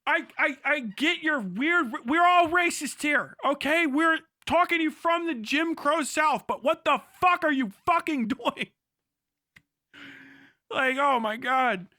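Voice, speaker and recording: A man's voice: very high voice, unhurried, no echo, clean studio sound. A man streaming live who gives crude, incredulous reaction commentary, swearing constantly and exclaiming in disbelief. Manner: profane, incredulous, animated. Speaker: livestreamer.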